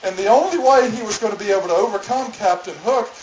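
A man preaching in a storytelling way, now and then doing the voices of the people in his story. His voice sits a little high for a man, and the room rings with echo over steady background noise. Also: fast talker. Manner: storytelling, acts out voices in quotes. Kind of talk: sermon.

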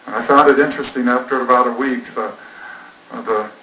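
A man's voice: mid-range voice, steady tone, brisk, pushed and bright. A man telling a personal story in a sermon, earnest and rambling, acting out the dialogue. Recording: roomy, distant mic, faint noise.

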